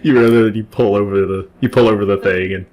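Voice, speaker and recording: A man's voice: on the low side, fairly even intonation, fast talker, darkish tone. A man narrating a tabletop game as game master, describing scenes at length with frequent restarts.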